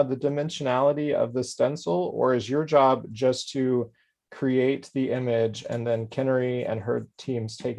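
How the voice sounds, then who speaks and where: A man's voice: medium pitch, vocal fry, a little mellow. A man hosting a casual craft livestream, joking around and reading out viewer comments. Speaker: host. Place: Orlando.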